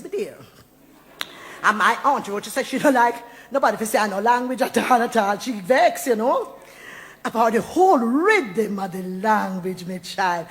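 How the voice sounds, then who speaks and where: A woman with a Jamaican accent talking and reciting verse, playful and laughing often, slipping into Jamaican Patois. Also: mid-range voice. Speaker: poet and storyteller. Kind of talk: lively spoken talk with recited verse.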